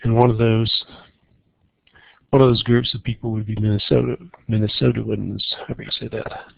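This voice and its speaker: A man teaching a recorded math lesson on logic problems, walking through each problem in a relaxed way and thinking aloud. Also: on the low side, normal speed, vocal fry, dry recording, highs cut off.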